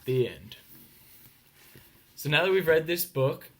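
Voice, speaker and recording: A man with an American accent reading a children's picture book aloud slowly, stopping to explain words and ask listeners questions. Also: on the high side, big pitch swings, fairly bright tone.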